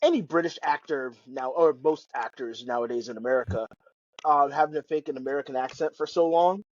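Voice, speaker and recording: A man's voice: mid-range voice, fairly quick, lo-fi sound. A man co-hosting a podcast, chatting casually in a rambling, profane way that trails off mid-thought. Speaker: podcast co-host. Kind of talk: casual chat.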